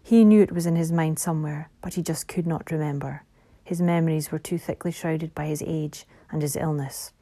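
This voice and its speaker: Fierce winged warrior guy from a fantasy audiobook, a woman reading him, lowish steady voice, mellow tone. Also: normal speed, few pauses, dry recording. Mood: solemn. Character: winged young male warrior heir, fierce and devoted. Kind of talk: audiobook character voice.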